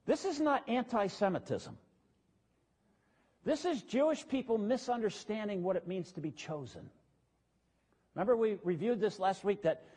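A man's voice: sits high, dark tone, husky. A man preaching a conversational sermon as pastor, plain-spoken and casual, with asides to his congregation.

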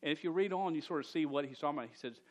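A man's voice: on the high side, rapid-fire. A man preaching a sermon with a stutter, often repeating words, speaking earnestly and directly to a young audience.

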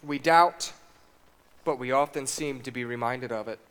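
A man's voice: medium pitch, normal speed, fairly bright tone, clear, resonant tone. A man preaching a sermon, reading scripture aloud and putting questions to the congregation.

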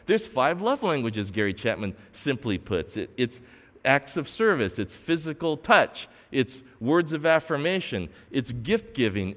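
Male pastor preaching in a reverberant hall. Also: medium pitch. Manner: preaching with emphatic repetition, shouting at peaks. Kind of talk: sermon.

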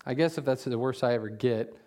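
A man preaching a casual sermon as a pastor, telling jokey stories with loud animated bursts and reading scripture slowly aloud. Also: mid-range voice.

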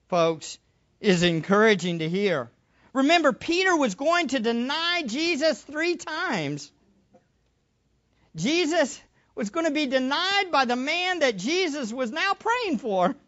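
Animated, slow-speaking preacher. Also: mid-range voice. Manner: animated, rhetorical questions. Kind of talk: sermon. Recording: dull lo-fi recording.

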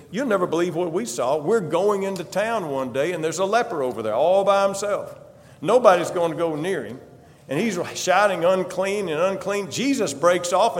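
A male preacher telling a Bible story dramatically in the first person, emphatic and repeating a refrain, in a church. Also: high voice. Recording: long hall reverb.

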